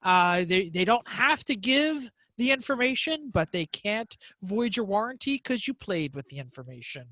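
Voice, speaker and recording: A man's voice: high-pitched, very animated, moderate pace, hardly any pauses, pushed and bright, dry recording. A man co-hosting a casual podcast chat over a call, jokey and loose, given to sudden outbursts. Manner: jokey, loose, blurts out exclamations. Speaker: podcast co-host.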